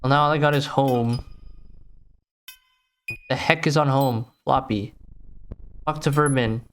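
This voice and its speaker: A man's voice: medium pitch, fairly even intonation, measured pace, a bit bright, faint music behind. A man playing a game on video, reading its text aloud with casual, bemused commentary. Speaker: gaming YouTuber.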